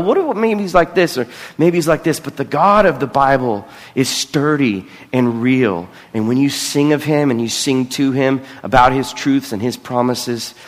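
A middle-aged man delivers a conversational sermon from the front of a church, his voice sitting at an ordinary middle pitch. He is earnest but quick to poke fun at himself, and his words ring out with a long reverb that hangs in the big room. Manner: earnest, with self-deprecating asides. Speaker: pastor. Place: church sanctuary. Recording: long reverb of a large hall.

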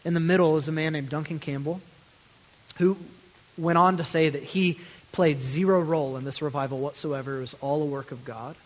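Earnest preacher in a reverberant hall. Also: male voice, a little high, steady tone, a little fast. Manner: earnest, building to pleading intensity then dropping to near-whispers. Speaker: pastor. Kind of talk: sermon.

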